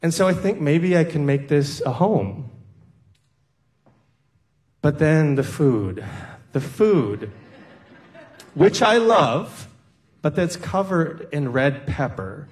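A man's voice: fairly high pitch, sing-song, takes it slowly, long pauses, darkish tone. A man from the American Midwest telling a personal story on stage in an earnest, reflective way with touches of wry humor.

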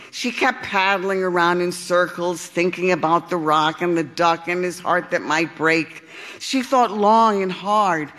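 A woman reading a storybook aloud, unhurried and expressive. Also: fairly low pitch. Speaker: storybook reader. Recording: long hall reverb.

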